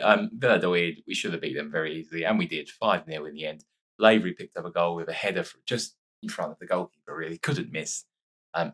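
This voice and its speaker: A man casually commentating his own football management game, chatty and excitable, with a sore nose after a sneezing fit. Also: low voice. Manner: chatty, excitable reacting to match play. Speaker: gaming YouTuber. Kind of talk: casual let's-play commentary.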